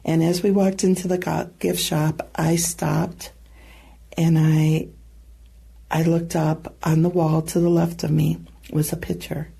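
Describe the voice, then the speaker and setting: A woman guest earnestly recounting a personal testimony, with halting pauses and soft asides. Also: low voice, little pitch movement, creaky, husky. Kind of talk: personal storytelling.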